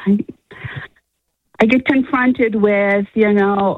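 A woman calls in to a radio talk show, stopping and restarting as she finds her words. Her voice has a gravelly edge, and it comes through a tinny, dry phone line. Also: medium pitch, level tone, dry recording. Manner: halting, restarts often, talks with a chuckle. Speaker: caller. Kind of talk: phone-in conversation.

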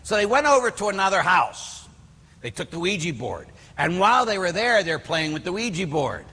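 Husky-voiced priest preaching in a reverberant hall. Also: male voice, sits high, normal speed. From Pittsburgh. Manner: animated storyteller acting out quotes, many fillers. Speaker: Catholic priest. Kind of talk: storytelling sermon.

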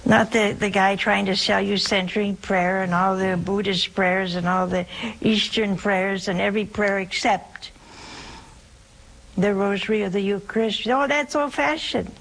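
A woman of middle pitch hosts a call-in show, preaching with strong emphasis. Her voice leaps up and dips down as she gives spiritual advice. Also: little pitch movement, a little slow, vocal fry, rough recording. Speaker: call-in show host, religious sister.

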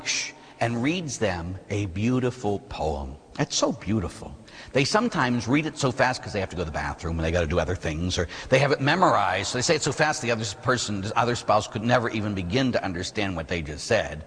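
Male priest, sermon, lively swooping delivery, husky voice, long church reverb. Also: fairly low pitch. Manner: animated, conversational preaching with rhetorical questions and playful asides. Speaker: Catholic priest.

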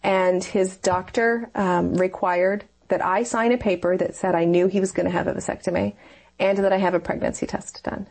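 A woman's voice: medium pitch, steady tone, normal speed, darkish tone. A woman telling a personal faith story in a conversation, earnest and rambling, with many fillers. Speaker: interview guest.

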